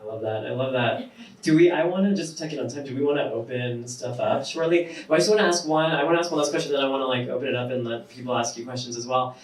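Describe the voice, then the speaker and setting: A man's voice: mid-range voice, steady tone, very fast, few pauses. A man moderating a panel Q&A after a screening, asking friendly questions. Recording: roomy hall, far from mic.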